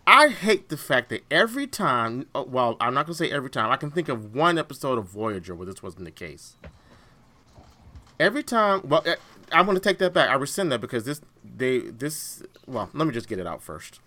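A man co-hosting a podcast in casual chat, animated and laughing often, restarting his sentences as he goes. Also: medium pitch, a little fast. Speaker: podcast co-host.

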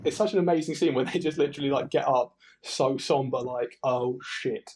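With a fairly high, slightly mellow voice and a brisk delivery, this man co-hosts a casual film podcast. His enthusiastic chatter rambles along with many restarts.

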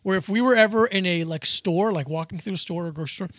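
A man's voice: high voice, fast talker, a bit bright, dry recording. A man co-hosting a comedy podcast, chatting casually, swearing, laughing often and telling stories with animation. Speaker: podcast co-host.

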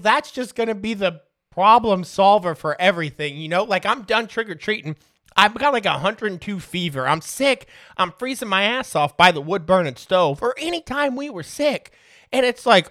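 Man, 30s, podcast host, high voice, casual storytelling, profane, laughing, dry recording. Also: animated, moderate pace, pushed and bright, no echo. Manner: profane, laughs through his stories.

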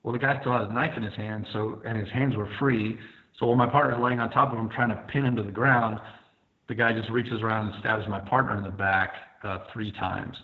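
A man's voice: on the low side, fairly even intonation, brisk. A firefighter guest telling his story vividly, step by step, with many fillers. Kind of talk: first-person storytelling. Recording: tinny phone-like line.

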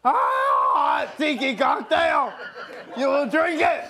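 A man putting on a loud, mock German tough-guy voice, ordering someone to drink a tiki cocktail. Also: very high-pitched, huge pitch swings, slow, crowd noise, voice pushed up, full character voice. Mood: bossy. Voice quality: loud, shouting, laughing.

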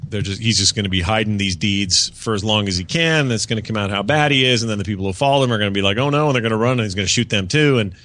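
Racing along with few pauses, a man with a fairly low, fairly bright voice co-hosts a podcast. His casual TV-season review is rambling and full of fillers and false starts, recorded on a podcast studio mic.

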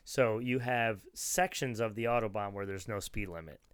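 A man's voice: lowish voice, normal speed, clean tone, no room sound, clean studio sound. A middle-aged man telling a long rambling anecdote in casual chat, often restarting and laughing.

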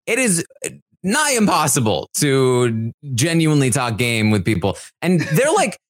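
Co-hosting a podcast, a man chats casually and rambles, restarting often and using lots of fillers. His mid-range voice swings widely in pitch at an unhurried pace. The sound is dry and cleanly recorded in a studio.

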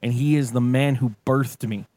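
A man's voice: mid-range voice, steady tone, moderate pace, mellow. A man hosting a casual podcast, rambling, swearing and laughing often. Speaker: podcast host.

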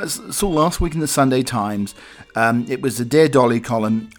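A man from Norfolk hosting a casual solo podcast, rambling with many hesitations and restarts. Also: mid-range voice. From Norfolk, England. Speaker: podcast host.

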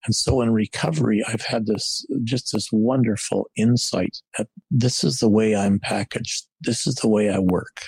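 A man's voice: lowish voice, steady tone, normal speed, gravelly, hardly any pauses, a little mellow, husky, dry recording, poor audio. A man in recovery telling his personal story candidly and reflectively, often restarting his sentences.

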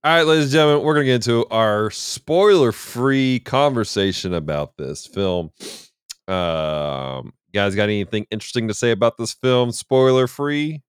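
Brief: a genial male host, smooth and close on a dry mic. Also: mid-range voice, expressive, normal speed, dry recording. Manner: genial, steers the talk with "ladies and gentlemen". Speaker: podcast host. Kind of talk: casual movie review chat.

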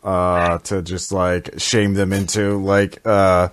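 A man playing a tabletop role-playing game, asking rules questions and halting while explaining his moves. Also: low-pitched, flat delivery, no echo. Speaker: player. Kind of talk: tabletop role-play banter.

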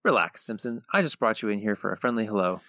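A man's voice: fairly low pitch, expressive, quick pace, pushed and bright, no echo. A man voicing a scheming, gloating elderly male tycoon boss, reading the lines with mock menace. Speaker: podcast co-host. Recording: dull, lo-fi sound.

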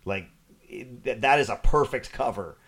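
A man talking casually as a podcast co-host. He is animated and slips into acted-out quotes, with a voice of ordinary, middling pitch. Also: normal speed, gravelly, husky. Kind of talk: casual chat.

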